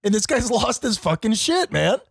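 A man's voice: high-pitched, big pitch swings, moderate pace, creaky, slight background noise. A hungover man in his thirties, co-hosting a casual comedy podcast, telling exasperated, profane stories. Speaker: podcast co-host.

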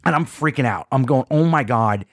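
A man co-hosting a podcast, telling a rambling, animated story with lots of restarts and quoted asides. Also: medium pitch, moderate pace, dry recording, studio quality. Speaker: podcast co-host. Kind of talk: casual chat, storytelling.

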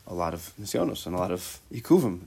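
A man's voice: deep voice, very animated, quick pace, gravelly, warm tone, slightly rough. A man teaching a Torah class, talking casually, mixing Hebrew terms into his English and tossing out rhetorical questions and joking asides to his students.

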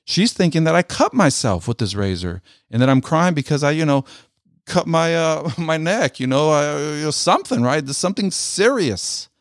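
A middle-aged man, a military veteran, telling a personal story in an earnest, halting way and often repeating his words. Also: a little high, expressive, no echo, clean studio sound.

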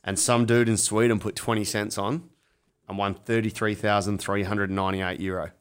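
A young Australian man chatting about sports bets with a mate. He swears freely and laughs a lot, and his voice sits on the low side. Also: level tone, normal speed, clear, resonant tone. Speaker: podcast co-host. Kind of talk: casual sports betting chat.

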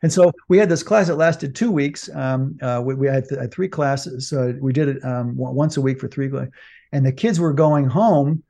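A man's voice: medium pitch, normal speed, vocal fry, dark tone. A man co-hosting a podcast, talking casually with many fillers and restarts. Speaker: podcast co-host.

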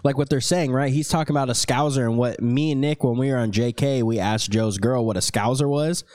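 A man's voice: medium pitch, a little fast, no room sound, clean studio sound. Casual, profane young man chatting. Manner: loose, profane, animated storytelling. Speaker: podcast co-host. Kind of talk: casual chat.

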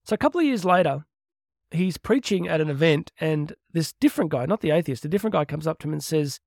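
This slightly high, gravelly, somewhat mellow voice belongs to a middle-aged podcast host and Catholic speaker who talks fast and animatedly. He gives an earnest, chatty, heartfelt monologue with laughs and asides, on a dry, clean studio recording.

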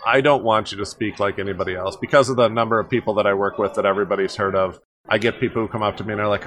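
A man's voice: lowish voice, steady tone, very fast, background noise. A man who coaches speakers, guest on a podcast interview, talking emphatically and repeating phrases for effect.

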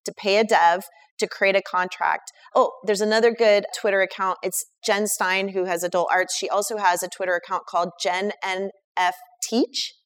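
A woman's voice: mid-range voice, steady tone, normal speed. A woman, talking casually in an online audio chat and eagerly recommending people and resources. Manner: enthusiastic, emphatic, recommends people one by one. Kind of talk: casual chat giving advice.

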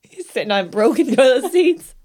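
A young woman co-hosts a podcast in a wry, teasing way and swears casually. Her pitch is very lively, rising and falling often as she tells her stories. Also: moderate pace. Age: young adult. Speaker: podcast co-host. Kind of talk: casual chat, storytelling.

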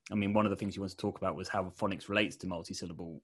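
A middle-aged man with a Portsmouth accent interviews a guest in a relaxed conversational way. His voice sits low, and he circles his questions with restarts and self-corrections. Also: racing, breathy edge.

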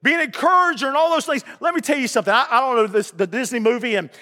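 Man, pastor, high bright voice, folksy emphatic preaching, reverberant church hall. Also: racing. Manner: folksy, emphatic preaching with call-and-response asides. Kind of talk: sermon. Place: church sanctuary.

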